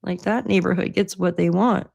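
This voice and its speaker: A woman's voice: mid-range voice, steady tone, moderate pace, gravelly, darkish tone. A woman hosting a casual livestream from home, chatty and laughing often, swearing freely. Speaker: livestream host. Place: at home by her computer.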